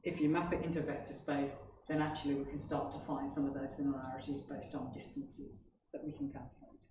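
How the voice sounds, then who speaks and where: A man gives a technical conference presentation, explaining things and often checking in with the audience. His mid-range voice is steady and brisk, picked up by a distant mic in an echoey hall with background noise.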